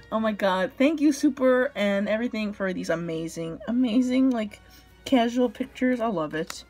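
A young woman opening trading cards, gushing as an excited fan with gasps and laughter. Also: medium pitch, normal speed, slightly rough. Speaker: card unboxing vlogger. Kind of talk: excited unboxing commentary. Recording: faint background music.

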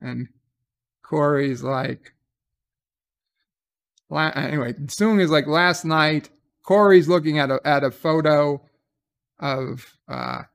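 A man's voice: fairly high pitch, takes it slowly, gravelly, long pauses, a bit bright. A man recapping a TV episode in a casual, sarcastic way, swearing freely as he paraphrases the scenes. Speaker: TV episode reviewer.

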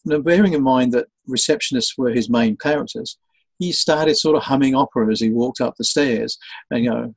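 A man's voice: medium pitch, fairly quick, creaky, slightly rough, no room sound, rough recording. A man being interviewed as a sales trainer, telling stories animatedly and acting out the voices of the people in them. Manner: animated storyteller, acts out quoted voices. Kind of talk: conversational interview.

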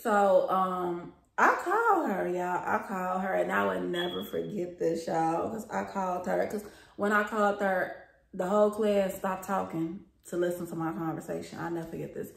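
A woman's voice: fairly low pitch, normal speed, gravelly. A young woman vlogger telling a story in casual chat, talking straight to her viewers and swearing freely. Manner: chatty and profane, addresses viewers as y'all. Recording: roomy echo.

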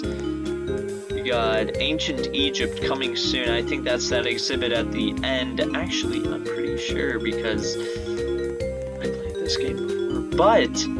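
A man hosting a gaming channel, giving rambling, excitable commentary as he plays, often repeating himself. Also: medium pitch. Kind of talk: playthrough commentary. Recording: loud game music behind. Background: loud game music.

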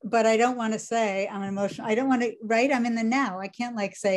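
A woman on a video call asking a personal question, earnest and halting, with nervous laughs. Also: a little high, steady tone.

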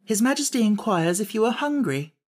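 A man's voice: sits high, very animated, fairly quick, voice pushed up. Cheeky young maid, put on by a male narrator: raised, lilting voice, teasing, storybook. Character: mischievous young palace maid, cheeky and playful. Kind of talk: audiobook character voice.

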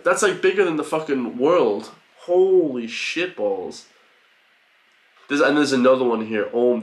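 A man giving an excitable, profane reaction commentary, full of loud exclamations. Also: medium pitch. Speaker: reaction video host. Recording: roomy home recording with faint music.

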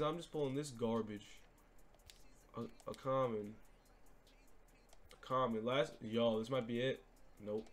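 A young man giving gaming commentary as he opens card packs, swinging between hyped shouts and deflated mumbling. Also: medium pitch, big pitch swings, slow pace. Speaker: gaming YouTuber. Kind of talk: pack-opening commentary.

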